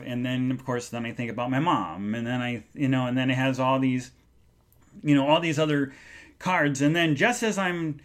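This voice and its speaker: A man hosting a solo podcast, talking in an earnest, halting way with many restarts as he recounts an emotional day. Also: medium pitch. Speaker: podcast host. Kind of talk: solo live podcast monologue.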